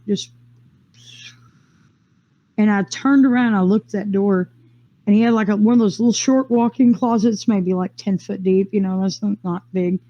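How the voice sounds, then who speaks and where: A woman recounts her own experience in a loose, rambling way, full of fillers and restarts. Her voice is warm and mellow. The recording sounds dull and lo-fi. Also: mid-range voice. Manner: rambling, quick bursts with frequent fillers and restarts. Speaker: interviewee sharing a personal experience. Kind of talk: casual first-person storytelling.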